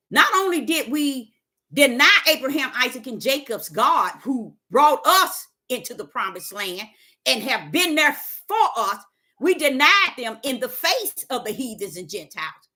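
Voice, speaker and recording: Woman, casual spiritual monologue, high lively voice, bright tone. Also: a little slow. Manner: animated preachy talk, breaks into high exclaims and low quoted voices. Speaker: host.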